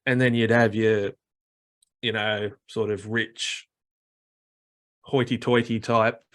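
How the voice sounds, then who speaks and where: A man's voice: on the low side, level tone, slow, fairly bright tone. An Australian man chatting casually, rambling with lots of fillers as he explains things. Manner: rambling, many fillers, mimics other accents. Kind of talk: casual chat.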